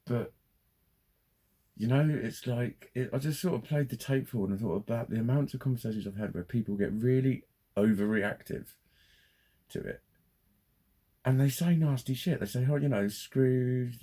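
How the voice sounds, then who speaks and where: A man's voice: medium pitch, dark tone, breathy edge. A man, ranting casually to camera, sweary and rambling, getting heated. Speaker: vlogger.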